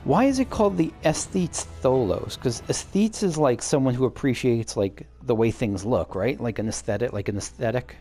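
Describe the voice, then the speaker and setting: Creaky-voiced man rambling over gameplay. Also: mid-range voice, lively intonation, moderate pace, hardly any pauses, mellow, soft background music. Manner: musing, rambling with filler words. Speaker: let's play host. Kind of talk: casual gameplay commentary.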